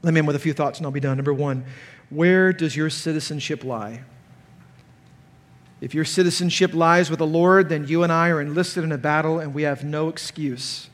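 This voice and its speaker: A man preaches at a conference, his voice sitting high for a man. He is animated and turns loud and sharp when he acts out the people he quotes. A long reverb hangs on every phrase in the large hall. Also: moderate pace. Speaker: pastor. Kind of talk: conference sermon.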